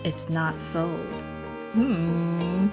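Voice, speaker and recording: A woman giving relaxed late-night gameplay commentary, rambling, chatting to the game's characters, and often apologizing with self-deprecating asides. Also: fairly low pitch, drawn-out words. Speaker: gaming vlogger. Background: soft background music.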